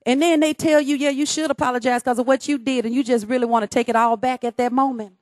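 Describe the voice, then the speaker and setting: Woman, preacher, high voice, emphatic call-and-response, dry recording. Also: steady tone, quick pace, darkish tone, no echo. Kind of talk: sermon.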